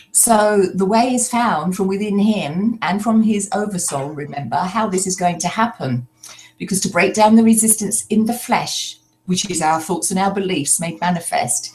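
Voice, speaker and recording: An older woman telling a personal story in a slow, reflective way, pausing often as she speaks. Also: mid-range voice, darkish tone. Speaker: spiritual speaker.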